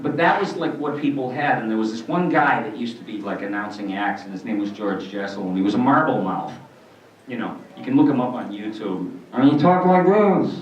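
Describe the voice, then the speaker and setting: A man's voice: mid-range voice, slight background noise. Panel guest, man, 60s, rambling storyteller, heard from across a roomy hall. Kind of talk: convention panel Q&A. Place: convention panel room. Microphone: filmed from the audience. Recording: distant, roomy, muffled hall recording.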